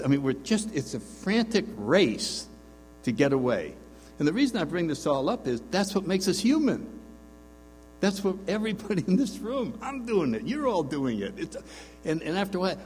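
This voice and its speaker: A man's voice: a little high, moderate pace. Man telling stories in an echoing hall. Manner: animated, acts out dialogue in the stories. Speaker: speaker at a recovery retreat. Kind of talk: storytelling talk to a group. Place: meeting room with an audience. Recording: long reverb, faint mains hum.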